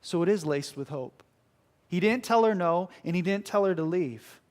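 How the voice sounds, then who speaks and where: Impassioned high-voiced male preacher. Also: moderate pace. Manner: impassioned, swings between loud and hushed; acts out quoted voices. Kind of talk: sermon.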